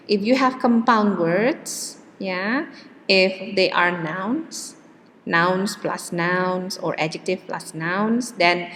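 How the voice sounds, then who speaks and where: Woman teacher going over stress rules, slow and patient, lots of fillers, big echoey hall. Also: medium pitch, slight background noise. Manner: slow and explanatory, with frequent fillers and "okay" check-ins. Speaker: English pronunciation teacher. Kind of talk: classroom lecture. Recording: long hall reverb.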